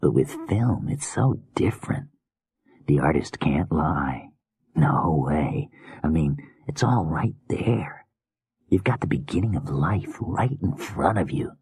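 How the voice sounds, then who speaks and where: A man's voice: extremely low pitch, lively intonation, takes it slowly, darkish tone, husky, dry recording, heavily acted. A man voicing an unhinged, weary male killer filmmaker in a slurred whisper, as whispered role-play in an audiobook. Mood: fervent.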